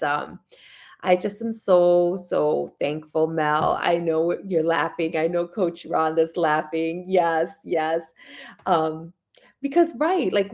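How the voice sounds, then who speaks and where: A woman hosting a casual livestream, chatting warmly and reading viewer comments aloud. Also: medium pitch, vocal fry. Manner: frequent fillers and restarts. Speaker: livestream host.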